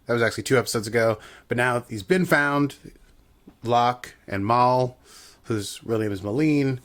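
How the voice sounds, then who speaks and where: A man's voice: medium pitch, moderate pace, a bit bright. Chatty, jokey man recapping an episode. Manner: chatty and jokey, riffing with asides. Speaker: podcast co-host. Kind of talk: casual episode recap chat.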